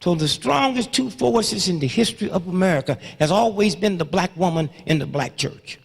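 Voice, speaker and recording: Gravelly older man lecturing in a hall. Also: sits high, expressive, moderate pace. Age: 70s. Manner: sweeping swings between hushed murmurs and loud outbursts, rhythmic call-outs. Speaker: speaker addressing an audience. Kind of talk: fiery lecture with storytelling. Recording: long reverb of a large hall.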